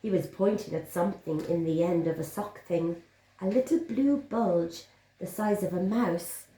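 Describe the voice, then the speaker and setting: A woman's voice: on the low side, a little slow. Woman reading to children. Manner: warm, encouraging, sing-song. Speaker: children's teacher. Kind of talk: reading a picture book aloud to children. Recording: roomy echo.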